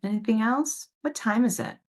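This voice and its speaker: Woman speaking warmly on a video call. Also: on the high side, moderate pace. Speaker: parent educator, guest speaker. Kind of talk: casual talk answering parent questions.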